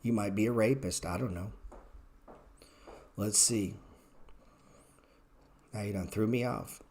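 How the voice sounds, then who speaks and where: A man with a somewhat low voice runs a live-streamed trading class. He is blunt and profane, walking through stock charts in a casual way and snapping at viewers in the chat. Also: slow pace, a little mellow, a little hiss or hum. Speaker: trading educator.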